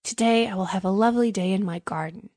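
A woman's voice: medium pitch, fast, darkish tone, dry recording, studio quality, close to an everyday voice. A woman voicing an eager, humble young man in a storybook reading. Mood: earnest. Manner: earnest, eager to please.

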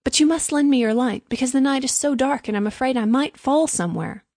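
A woman's voice: high-pitched, fairly quick, a little mellow, dry recording, pitched above the performer's own voice. A woman voicing an eager, humble young man in a storybook reading. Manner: earnest, eager to please.

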